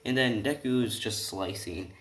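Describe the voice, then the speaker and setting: A man's voice: on the low side, moderate pace, fairly bright tone. Rambling young man telling a story. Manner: rambling, frequent tag questions and self-corrections. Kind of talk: improvised fan-fiction retelling. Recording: roomy room, distant mic, keyboard typing.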